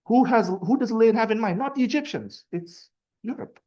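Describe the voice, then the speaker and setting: A man's voice: very high voice, animated, moderate pace, warm tone, lo-fi sound. Man lecturing with rhetorical questions. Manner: conversational, asks rhetorical questions, reads passages aloud. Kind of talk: university seminar lecture.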